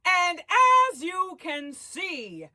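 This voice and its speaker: A woman's voice: very high-pitched, sing-song, drawn-out words, bright, forceful tone, a faint crowd, pitched above the performer's own voice, heavily acted. A woman voicing a flamboyant, grandiose female showbiz host and former model, announcing in a showy, dramatic way. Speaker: segment host. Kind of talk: comedic character segment.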